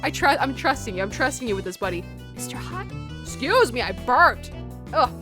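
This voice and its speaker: A bubbly woman chats her way through a video game, expressive and chatty, in a slightly high voice. Game music plays clearly under her talk. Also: fairly quick. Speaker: let's play streamer. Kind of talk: casual game commentary.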